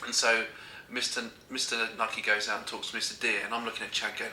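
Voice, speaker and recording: A man's voice: on the low side, level tone, quick pace, few pauses, sharp tone, a little hiss or hum. A man telling a comic story casually, often breaking into giggles. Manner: giggly, keeps breaking into laughter. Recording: echoey room.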